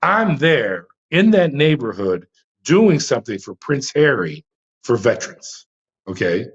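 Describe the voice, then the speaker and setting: A middle-aged man recounts his past as a prison officer, animated and dramatic. He stumbles over fillers and restarts but keeps driving the story. The sound is a little dull and lo-fi. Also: medium pitch, a little slow, slightly rough. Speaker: interview guest, former prison officer.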